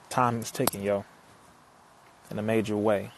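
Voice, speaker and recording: A man's voice: lowish voice, level tone, normal speed, vocal fry, a little hiss or hum. A man talking to viewers on a live stream, reading their comments and answering them, preachy and emphatic, repeating his points. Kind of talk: casual live stream talk.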